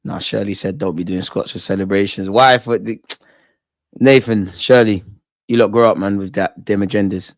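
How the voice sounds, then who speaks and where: A man's voice: lowish voice, normal speed, no echo. Young male fan-channel host, slangy and hyped, dry close mic. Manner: excitable, slangy, shouts out viewers. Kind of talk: live watch-along reaction.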